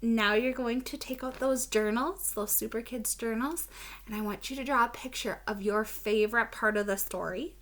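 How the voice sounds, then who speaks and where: A woman teacher wrapping up a read-aloud lesson, asking young children gentle questions and giving encouraging instructions. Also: a little high, fairly even intonation, moderate pace.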